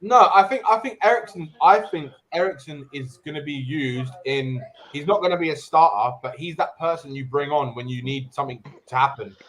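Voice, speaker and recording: A man's voice: a little high, brisk, few pauses, a bit bright. A man in casual chat, insistent and repeating his points.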